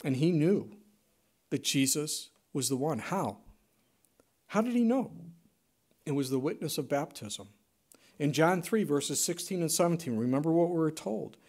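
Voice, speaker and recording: A pastor preaching with a high, light voice. He swings between loud, emphatic bursts and soft, hushed lines. His sermon delivery is dramatic and conversational. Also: lively intonation, unhurried, pauses often.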